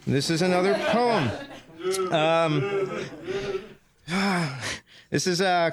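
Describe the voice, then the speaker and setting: A man performing his poems at a live reading, with an earnest, rhythmic delivery and slow, lingering phrases. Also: a little high, a crowd in the background. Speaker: poet. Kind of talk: poetry reading.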